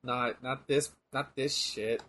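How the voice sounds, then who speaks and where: A young man chatting and joking casually while playing a wrestling game, often breaking into shouts. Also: medium pitch, takes it slowly, a little hiss or hum. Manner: animated, joking, bursts into shouts. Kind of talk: casual chat over gameplay.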